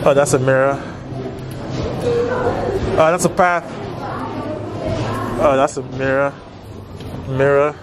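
A man hosting a casual travel vlog, playful and exclaiming as he thinks out loud. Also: mid-range voice. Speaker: vlogger host. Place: street and indoor attraction. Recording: loud street noise.

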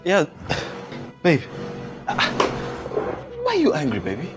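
A man's voice: fairly high pitch, wildly swooping pitch, slow, loud music behind the voice, full character voice. A man playing a gushing starstruck boyfriend. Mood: apologetic. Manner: gushing, then pleading and apologetic. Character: eager young boyfriend, starstruck fan. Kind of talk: comedic skit acting.

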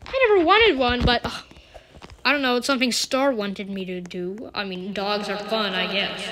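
A woman giving playful gameplay commentary, excitable, with sudden squealing exclamations. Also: on the high side, moderate pace, slight background noise, rough recording.

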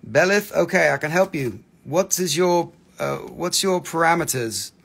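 Gravelly, slightly high-voiced man hosting a live rock-sales stream, rambling and chatty, tired from hours live. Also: expressive, measured pace, a bit bright. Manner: chatty, rambling, puts on crazy accents. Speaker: live-stream mineral seller. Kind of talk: casual live sales chat.

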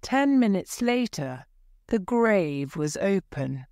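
A woman narrating a storybook slowly and clearly for English learners. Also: mid-range voice, very animated, darkish tone, no room sound, clean studio sound. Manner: clear, deliberate. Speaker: story reader.

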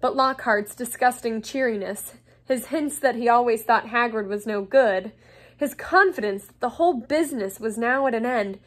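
A woman, a teacher, reading a novel aloud to her class in a lively, expressive way. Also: on the high side.

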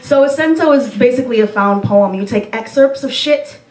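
A woman's voice: fairly high pitch, moderate pace, a little mellow. A woman poet casually talking to an audience in a playful, teasing, profane way. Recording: echoey room from far off.

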